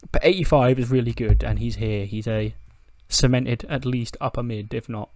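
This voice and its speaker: A man's voice: medium pitch, moderate pace, a little mellow, no room sound. Brief: casual male let's-play commentator, chatty, self-amused, dry mic. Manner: chatty, laughs at himself, reads out scores. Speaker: game commentator.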